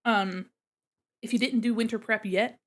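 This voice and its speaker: A woman's voice: fairly high pitch, fairly even intonation, moderate pace. A young woman streaming from home, chatting casually and giggling while she eats, with her mic set away from her face. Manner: giggly, chatty, talking with her mouth full. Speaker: art streamer.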